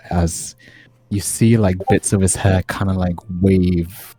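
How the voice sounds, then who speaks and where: A man's voice: sits low, fairly even intonation, takes it slowly, mellow, slightly rough, no room sound, rough recording. A man narrating a tabletop game as game master, hesitant with many fillers.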